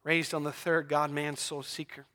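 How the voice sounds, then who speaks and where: A man preaching a sermon, swinging between hushed near-whispers and loud, emphatic declarations. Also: fairly high pitch, level tone, normal speed.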